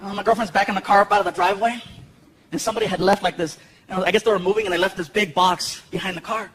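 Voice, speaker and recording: Lively stand-up comedian, a high-pitched man, performing live to a big laughing crowd in a noisy venue. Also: very fast. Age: 30s. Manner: animated, lots of character voices and shouted punchlines. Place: large theater stage. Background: audience laughter and crowd noise.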